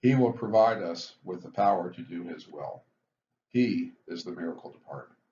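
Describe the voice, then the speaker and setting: Low-voiced man lecturing on recovery steps. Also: expressive, mellow. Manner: measured, explanatory, stresses step headings. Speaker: physician teaching addiction recovery. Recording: dull lo-fi recording with faint hiss.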